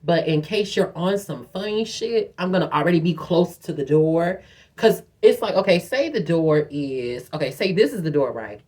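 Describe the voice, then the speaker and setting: A young woman tells a story in a casual vlog. She is animated and profane, and she acts out quotes in a higher voice. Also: normal speed. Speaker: vlogger telling a story.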